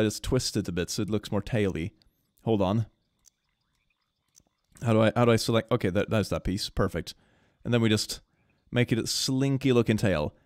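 A man commenting casually while playing a game, often laughing and breaking into high-pitched squeals. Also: a little mellow, no room sound, studio quality. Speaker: gaming streamer. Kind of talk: casual let's-play commentary.

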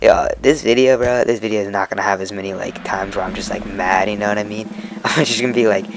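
A young man giving casual, excitable commentary over his own gameplay, repeating himself and cheering on each win. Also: fairly low pitch, fast talker, noisy background. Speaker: gaming video creator. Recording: game music playing underneath.

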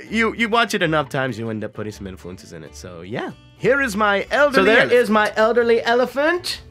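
Bright, upbeat man vlogging. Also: a little high. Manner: upbeat, chatty, explains his process. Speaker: YouTube voice actor host. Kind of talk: casual vlog commentary.

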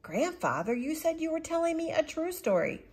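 A woman voicing a curious, earnest young boy in a storybook reading, with a husky voice. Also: high voice, big pitch swings, moderate pace, a little mellow, voice pushed up. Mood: protesting. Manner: questioning, eager, sometimes whispered.

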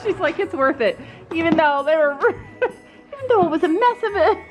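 Giggly high-voiced woman vlogging at a barn. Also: animated, moderate pace, over loud music, low-quality recording. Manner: giggly and chatty, often laughing. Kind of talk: casual family vlog chat. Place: outdoors at a horse barn.

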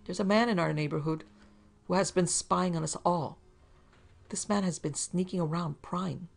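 A woman voicing a fussy, wheedling middle-aged man in a storybook reading, in a prim, high-pitched way. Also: moderate pace, gravelly, soft background music.

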